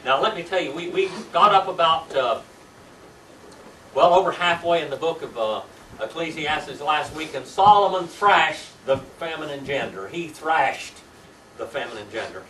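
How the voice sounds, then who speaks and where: A man's voice: fairly high pitch, expressive, moderate pace, a bit bright, far from the mic. An older man teaching a Sunday school Bible class, quizzing his students with folksy tag questions. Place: church classroom. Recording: echoey room recorded from afar, faint hiss.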